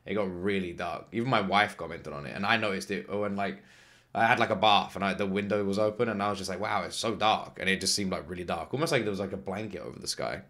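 Man from the UK, bright voice, chatty reaction commentary, lots of fillers. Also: deep voice, fast talker. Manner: rambling, filler-heavy, emotional. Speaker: reaction video host.

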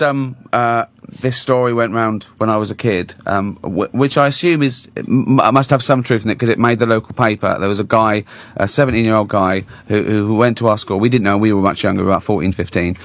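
A man with a British accent, a talk show guest in casual chat, telling rambling stories with stammered restarts and frequent laughter. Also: lowish voice. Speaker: studio guest.

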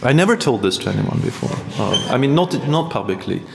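A man giving a live lecture-performance, rambling and halting with wry asides. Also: mid-range voice, big pitch swings, creaky, background noise. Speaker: performance artist. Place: art museum hall. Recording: echoey hall with long reverb.

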